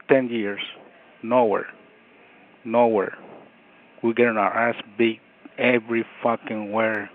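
A man from Los Angeles calling in to a fan show, angry, blunt and cursing. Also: medium pitch. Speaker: caller. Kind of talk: angry phone call-in rant. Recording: tinny phone line with faint hiss.

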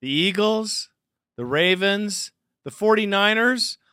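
A man hosting a sports fan call-in show, chatting casually in slangy, animated talk and laughing often. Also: high-pitched, slow, clean tone, dry recording, clean studio sound. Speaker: fan radio show host.

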